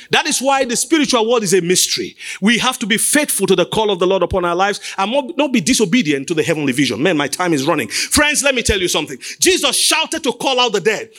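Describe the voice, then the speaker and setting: A pastor preaching a sermon from a church stage, swinging between sing-song cadence and sudden shouts. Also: male voice, very high voice, lively intonation, brisk.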